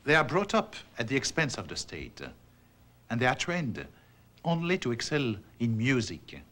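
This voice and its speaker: A man voicing an 18th-century French visitor, reading a documentary quote in a lively, wondering way. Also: mid-range voice, normal speed. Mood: admiring.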